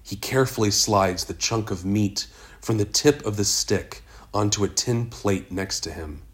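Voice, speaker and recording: Low, slow-reading male narrator. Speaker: audiobook narrator. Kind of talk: first-person story narration.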